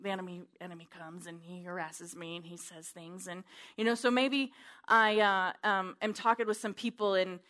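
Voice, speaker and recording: Woman preacher, emphatic sermon delivery, bright and forceful tone. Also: lowish voice, steady tone, moderate pace. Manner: fervent, emphatic, swinging from loud to hushed. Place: church.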